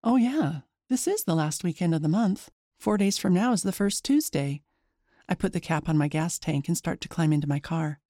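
A woman narrating a scary story in the first person in a lively, chatty way. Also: lowish voice, normal speed, dry recording, studio quality.

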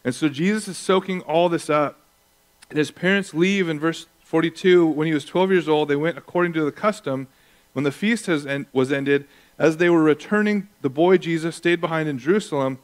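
A man in his thirties preaching a sermon as pastor, telling stories with lively acted-out voices. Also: a little high, normal speed. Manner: animated storytelling, acting out voices.

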